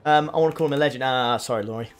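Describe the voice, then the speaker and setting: A young man speaks at medium pitch in a clean tone, racing along as he streams a racing game from home. Chatty, he reads out and answers chat messages while driving, talking into a desk USB condenser mic.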